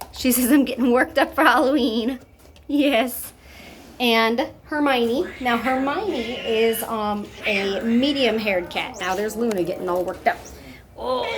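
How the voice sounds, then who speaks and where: In a medium-pitched voice, a woman volunteering in cat fostering and adoption chats casually for an adoption video. She praises the kittens and baby-talks to them, cats meowing close by at home, with slight background noise.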